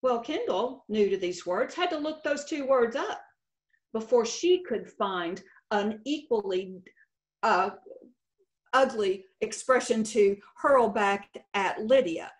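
A woman's voice: mid-range voice, lively intonation, takes it slowly. A middle-aged woman with a Texan accent, a state contest director giving a folksy, lightly humorous conference presentation. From Texas.

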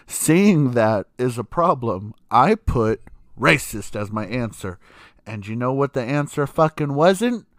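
A man's voice: mid-range voice, slow pace, dry recording, clean studio sound. Sassy, laughing young man telling a story. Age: young adult. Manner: animated, sassy and profane, laughing often. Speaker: podcast host. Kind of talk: casual storytelling.

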